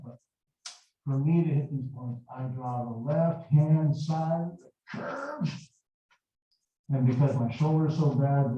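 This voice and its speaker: A middle-aged man teaching a math class, explaining slowly and deliberately and wandering into chatty stories from his past. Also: on the high side. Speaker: math instructor. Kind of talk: classroom lecture. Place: large echoey classroom. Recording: echoey, distant, dull classroom recording.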